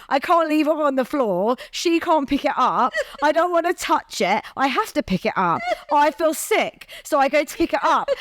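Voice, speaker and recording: A woman co-hosts a relaxed podcast, reading listener stories in an unhurried, fairly high voice. Her comments are dry and wry, recorded close and dry with no room sound. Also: dry recording. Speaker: podcast co-host.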